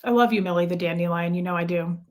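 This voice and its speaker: On the low side and darkish in tone, this woman's voice moves quickly as she hosts a casual livestream. She reads chat, vents, and talks on and on, repeating herself.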